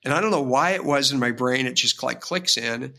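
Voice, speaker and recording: Gravelly, forceful man telling stories. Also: medium pitch, a little fast. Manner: rambling, vivid anecdotes with frequent restarts. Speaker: real estate agent, podcast guest. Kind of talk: casual storytelling interview.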